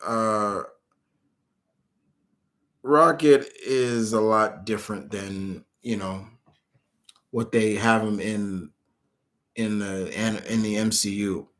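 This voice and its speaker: Man rambling casually through viewer questions. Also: lowish voice. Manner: rambling, with many fillers and restarts. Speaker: streamer answering chat questions. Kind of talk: casual live-stream chat.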